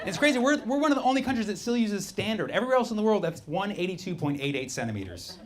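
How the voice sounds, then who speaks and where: A man's voice: sits high, big pitch swings, racing, very noisy. A man performing a stand-up comedy routine with playful crowd work and exaggerated bits. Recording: live show with loud audience laughter.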